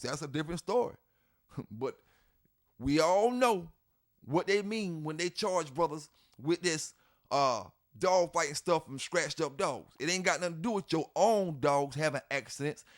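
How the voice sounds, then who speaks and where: A man with a notably high voice delivers a heated, blunt rant as a channel host. He swears freely, hammers the same points again and again, and drops scornful laughs between lines. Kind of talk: ranting commentary to camera.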